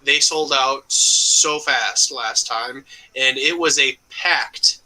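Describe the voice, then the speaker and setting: Slow, bright-voiced man in casual chat. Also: mid-range voice, rough recording. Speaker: podcast co-host.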